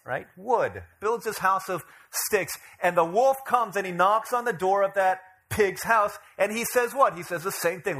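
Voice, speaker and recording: Bright-voiced male pastor preaching. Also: high voice, animated, measured pace, hardly any pauses. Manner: asks the congregation questions and retells stories with humor. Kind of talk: sermon.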